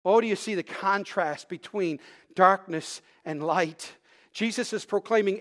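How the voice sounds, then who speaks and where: High-voiced animated preacher man. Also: measured pace. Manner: animated storytelling, swings from loud shouts to hushed tones. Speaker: pastor. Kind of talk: sermon with a personal story.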